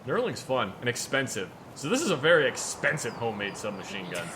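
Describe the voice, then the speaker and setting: A man's voice: mid-range voice, big pitch swings, fairly quick, noisy background. A man in casual chat while playing a game, explaining guns at length and swearing casually. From United States. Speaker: gaming video host.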